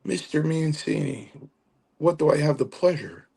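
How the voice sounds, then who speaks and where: A gruff old wrestling veteran, as a man imitates him, scolding a latecomer in slow, halting words. The voice sits noticeably higher than the storyteller's own. It sounds like a stern mentor who is fond of the young man he lectures. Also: big pitch swings, a little mellow, exaggerated voice. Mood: warm.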